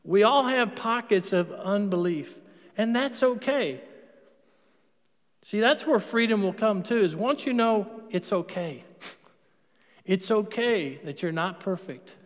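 A man with a notably high voice preaches a sermon as a priest. He keeps it conversational, asking the congregation questions and answering them himself. His words ring out with a long reverb, as in a large church. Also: lively intonation, slow. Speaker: Catholic priest.

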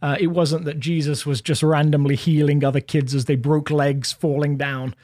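An English man with a fairly high voice talks through ideas in a relaxed, thoughtful chat. He is a pastor, lively and quick with asides. The recording is dry and close. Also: no echo. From England. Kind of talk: casual chat.

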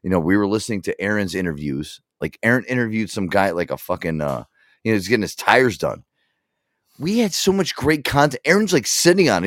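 Low, lively-voiced swearing show host. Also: male voice, brisk, no echo, studio quality. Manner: rambling, profane, full of fillers. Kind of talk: casual radio-show chat.

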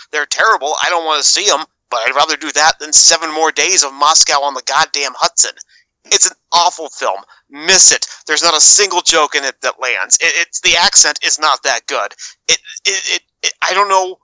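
A man's voice: fairly high pitch, pushed and bright, no room sound, low-quality recording. A man on a podcast panel, ranting sarcastically and cursing as he tears down a film. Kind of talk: casual chat.

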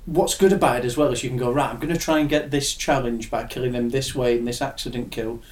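A man's voice: medium pitch, steady tone, fast talker. A young adult man, chatting casually and enthusiastically, swearing now and then. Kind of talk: casual chat. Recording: echoey room.

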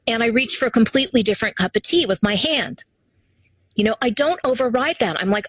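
A woman's voice: a little high, lively intonation, fairly quick, dry recording, rough recording. A woman guest in a casual interview, talking animatedly and acting out quoted voices as she tells her stories. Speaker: interview guest, human design teacher.

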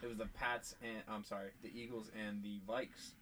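Young man, podcast co-host, somewhat low voice, opinionated, stat-heavy, casual swearing. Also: level tone, brisk, a bit bright. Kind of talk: casual sports chat.

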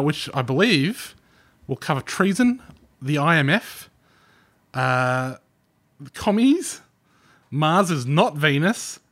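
Aussie guy on a podcast, bit higher voice, dry jokes while unpacking books. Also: fairly bright tone. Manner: reads book titles aloud with wry asides. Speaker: podcast co-host. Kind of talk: casual chat.

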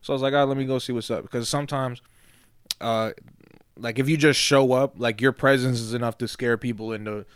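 A young man co-hosting a podcast, telling stories in relaxed casual chat, swearing often and repeating himself. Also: medium pitch, a little fast, smooth, no echo, studio quality. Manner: laid-back storytelling, swearing, repeats "you feel me". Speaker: podcast co-host.

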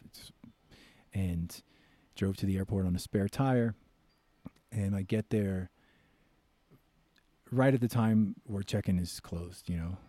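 An American man, a podcast guest and author, telling a story in casual chat and loudly acting out the voices he quotes. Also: on the low side, no echo. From United States.

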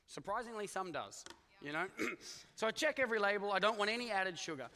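A man's voice: high voice, lively intonation, fast, bright, forceful tone. A middle-aged Australian man preaching a chatty, joking sermon, talking to the congregation with lots of asides. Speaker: pastor. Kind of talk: conversational sermon. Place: church hall. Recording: echoey church hall.

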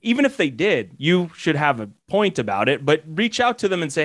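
A man's voice: a little high, very animated, a little fast, hardly any pauses, a bit bright. A man who works as a commercial real estate broker and mentor, giving sales advice in a rambling way with many restarts. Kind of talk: casual podcast advice.

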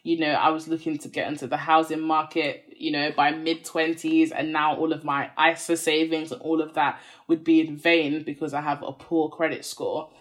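A woman's voice: low-pitched, level tone, moderate pace, few pauses. A woman in her twenties, a podcast guest candidly telling a personal story in a chatty, earnest way, full of "like" fillers.

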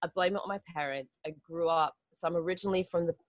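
Speaking quickly in a fairly low, steady voice with no room sound, this interview guest chats casually. She's an event organizer from the Turks and Caicos Islands whose accent blends American and Australian, and she comes across as bubbly and theatrical, laughing often.

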